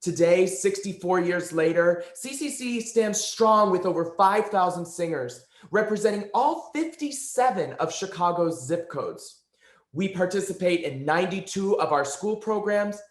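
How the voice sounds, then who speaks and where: A man's voice: sits high, expressive, unhurried. A man from a youth choir organization giving an earnest scripted presentation. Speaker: choir program staff presenter. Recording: roomy echo.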